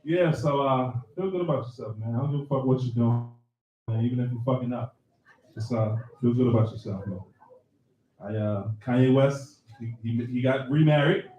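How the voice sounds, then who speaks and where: A man's voice: medium pitch, moderate pace, mellow. A man doing a loose, profane live stand-up set and laughing at his own jokes. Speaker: stand-up comedian. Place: comedy club stage. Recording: roomy club sound from far off.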